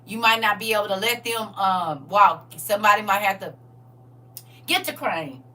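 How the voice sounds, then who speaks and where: Animated woman with a lilt. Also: mid-range voice, moderate pace, recorded from a distance. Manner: animated, laughing, talks straight to viewers. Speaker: livestream host reading viewer comments. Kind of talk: casual faith livestream chat.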